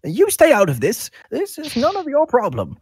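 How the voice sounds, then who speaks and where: A man voicing an indignant older male shopkeeper who wags his finger and complains loudly. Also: huge pitch swings, normal speed, heavily acted. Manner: shrill, indignant, finger-wagging.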